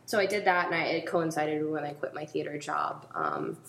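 A woman with a Boston accent, a comedian talking casually as a podcast guest, chatty and quick to laugh, often repeating words. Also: sits low, huge pitch swings, vocal fry, fairly bright tone, reverberant, a little hiss or hum.

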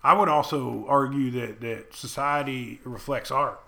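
A man co-hosting a comedic podcast, musing aloud in halting phrases that trail off. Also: medium pitch, gravelly, bright, forceful tone.

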